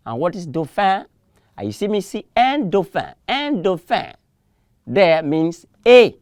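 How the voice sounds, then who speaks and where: A woman teaching French on a televised lesson, patiently repeating each word for learners to echo and gently correcting mistakes. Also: medium pitch, very animated, unhurried, studio quality. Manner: encouraging, gently corrects mispronunciations.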